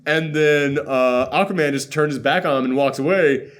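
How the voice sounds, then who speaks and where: A man hosting a casual movie reaction chat, sarcastic and laughing often as he acts out scenes in quick voices. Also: on the high side, a bit bright. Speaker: podcast host.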